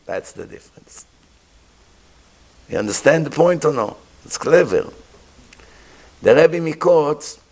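A man giving a sermon as a rabbi, telling a story with pauses and acted-out sounds. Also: fairly high pitch, darkish tone.

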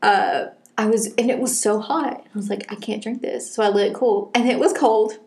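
A woman's voice: mid-range voice, moderate pace, a little mellow. Chatty young woman. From Southern United States. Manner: chatty, opinionated, laughs easily. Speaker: co-host. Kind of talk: casual chat.

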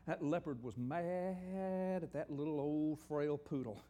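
An older man preaching a sermon, animated and joking, often asking the audience questions. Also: fairly high pitch, takes it slowly. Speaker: pastor. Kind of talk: sermon teaching with slides.

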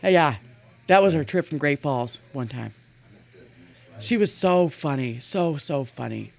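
Brief: earnest, animated woman in her forties from Montana, guest telling stories. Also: low voice, unhurried, creaky. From Montana, USA. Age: 40s. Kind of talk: casual storytelling in an interview.

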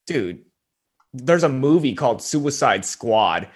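A man's voice: medium pitch, sing-song, takes it slowly, breathy edge. A young man talking casually on a podcast, rambling with lots of fillers and speaking frankly. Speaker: podcast host, guest.

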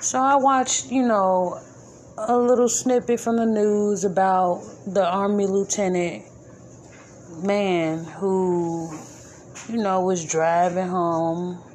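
A woman's voice: mid-range voice, a little mellow, slight background noise. A woman hosting a podcast episode, speaking casually and informally, repeating her points with indignant emphasis. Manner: informal, colloquial grammar. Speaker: podcast host. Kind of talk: casual spoken commentary.

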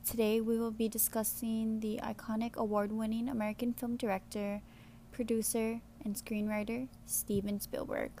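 A woman's voice: on the high side, dark tone, a little hiss or hum. A young woman hosting a podcast, reading a friendly, informative script. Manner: read-aloud, friendly, informative. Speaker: podcast host.

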